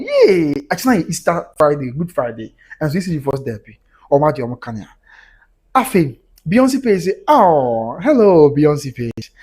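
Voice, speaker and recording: Male stream host, slightly high and husky, animated comment reader. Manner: animated, mixes local words into English. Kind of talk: live stream chat reading viewer comments.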